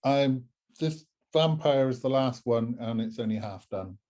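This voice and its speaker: A Southwest English man chats in a mellow, warm register. His delivery is dry and understated, like someone winding down in the evening. He sounds relaxed among friends. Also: medium pitch, a little slow. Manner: dry, understated, tired after a workday. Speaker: co-host. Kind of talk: casual chat showing finished stitching.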